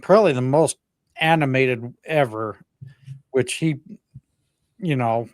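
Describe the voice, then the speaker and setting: A man co-hosting a podcast in casual chat, recapping the week and laughing at his own slips. His voice sits at an ordinary pitch and sounds dry and close. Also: slow pace, no room sound. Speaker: podcast co-host.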